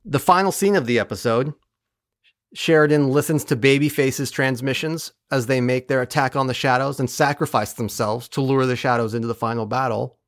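A man hosting a podcast, recapping a TV episode in casual chat with a wry, profane, animated manner. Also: medium pitch, a little fast, no room sound, studio quality.

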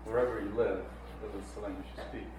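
A man student in a class, making quick remarks from across the room. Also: on the low side, flat delivery, a little mellow.

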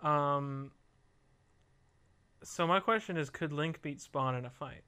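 Slow, bright-voiced podcast co-host. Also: mid-range voice, smooth. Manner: dry, joking delivery. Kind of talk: casual podcast chat.

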